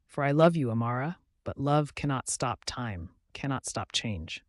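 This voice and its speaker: A man's voice: mid-range voice, animated, a little slow, no room sound, studio quality, lightly acted. A man voicing a solemn river spirit. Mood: stern.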